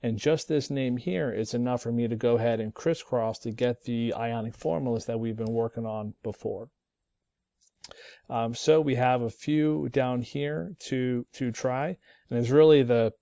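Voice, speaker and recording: A man, a chemistry teacher, talks through a recorded lesson in a relaxed way, thinking aloud with frequent ums and restarts. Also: mid-range voice, clear, resonant tone, dry recording, studio quality.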